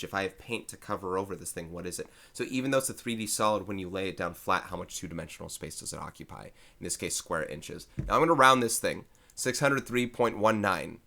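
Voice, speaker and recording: A man with a low, bright voice works through a math lesson on his own. He thinks aloud, corrects himself often and keeps the tone easygoing as he explains each problem. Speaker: math teacher. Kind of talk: recorded math lecture.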